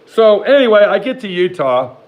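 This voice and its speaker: A man with a fairly high voice tells a long personal story straight to his viewers. He curses freely, drifts off track and snaps back at imagined haters. His pace swings between slow, heavy emphasis and fast, tumbling asides. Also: very animated, narrow, tinny audio. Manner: profane, rambling, talks back to imagined haters. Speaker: vlogger telling a personal story. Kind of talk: casual storytelling to camera.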